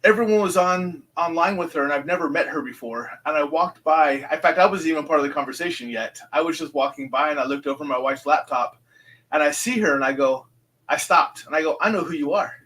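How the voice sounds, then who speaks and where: A man's voice: on the high side, a little fast, fairly bright tone, poor audio. A man in his fifties, a guest telling stories in a casual interview, rambling with many fillers and restarts and acting out what people said. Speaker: guest, psychic medium.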